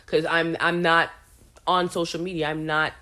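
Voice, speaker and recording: A woman's voice: deep voice, level tone, moderate pace, pushed and bright. A woman in her forties co-hosting a casual commentary chat, talking expressively and reflectively, often restarting her sentences. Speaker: podcast co-host.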